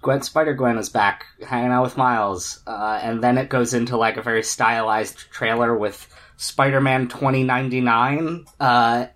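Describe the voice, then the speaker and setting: A man's voice: medium pitch, fairly even intonation, normal speed, hardly any pauses, fairly bright tone. A man co-hosting a casual pop-culture chat, rambling and laughing often. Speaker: podcast co-host.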